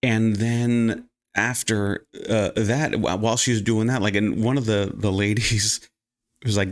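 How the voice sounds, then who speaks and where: A man's voice: fairly low pitch, a little slow. A man vlogging, casually retelling a story and acting out the people in it with a raised voice. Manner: animated, acts out quoted people in raised voice; frequent restarts and fillers.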